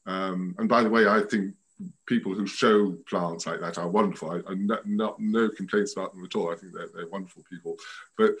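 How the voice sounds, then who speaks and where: Lowish-voiced man chatting about roses. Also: steady tone, fairly quick, fairly bright tone, low-quality recording. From France. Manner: rambling, hesitant, restarts often. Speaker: guest rose expert. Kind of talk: casual chat over video call. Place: at home by a window.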